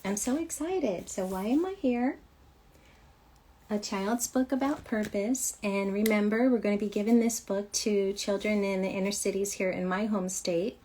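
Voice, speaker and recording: A woman's voice: medium pitch, moderate pace, dark tone, slight background noise. A woman from Michigan hosting a casual livestream chat about children's books, upbeat and chatty, laughing often. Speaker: host of a children's author show.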